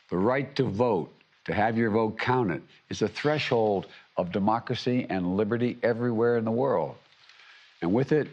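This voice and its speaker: An older man delivering a formal prepared speech as a head of state, measured, with frequent restarts and repeated words. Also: low voice. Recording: dull lo-fi livestream audio.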